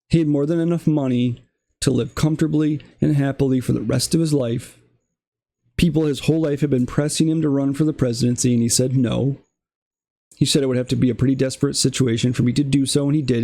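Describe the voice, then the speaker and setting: Gravelly, ranting male political streamer. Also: medium pitch, mellow. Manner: ranting, sarcastic, frequent restarts. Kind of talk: casual opinion monologue.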